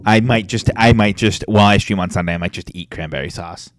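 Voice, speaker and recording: Young man ranking food, lowish voice. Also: fairly quick, no room sound, studio quality. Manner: animated, opinionated, swearing casually. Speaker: podcast co-host. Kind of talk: casual chat.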